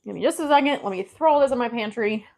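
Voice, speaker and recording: A woman's voice: on the high side, animated, quick pace, a little mellow. A woman vlogging casually from her home kitchen, out of breath and frazzled, chatting to herself as she gathers things. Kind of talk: casual cooking vlog chat.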